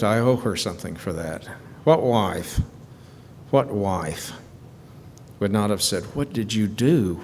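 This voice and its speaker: A middle-aged man from Georgia giving an earnest, halting personal testimony at a recovery retreat, repeating words when moved. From Stockbridge, Georgia, USA. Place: retreat hall. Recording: archival hall recording with long reverb and faint rumble.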